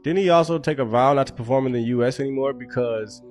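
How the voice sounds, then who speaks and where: A man delivers opinion commentary in a sarcastic, accusatory tone. His voice is mid-pitched, and faint guitar music plays under him. He sounds sure of his claims. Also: quick pace, darkish tone.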